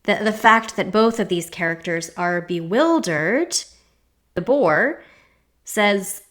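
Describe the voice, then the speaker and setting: A woman's voice: mid-range voice, lively intonation, slow pace, fairly bright tone. A woman hosting an astrology show, musing aloud in a reflective, circling way with frequent rhetorical checks. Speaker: astrology podcast host. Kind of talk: reflective podcast monologue.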